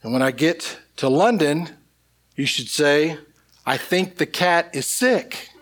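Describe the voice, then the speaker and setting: A man's voice: a little high, lively intonation, slow pace, fairly bright tone, heavily acted. A man playing a scolding wife. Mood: exasperated. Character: exasperated wife scolding her husband.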